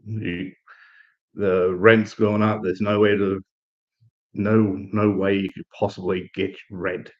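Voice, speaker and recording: A man from Australia chatting casually on a live stream, telling a relaxed, rambling story with restarts and fillers. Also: sits low, muffled recording.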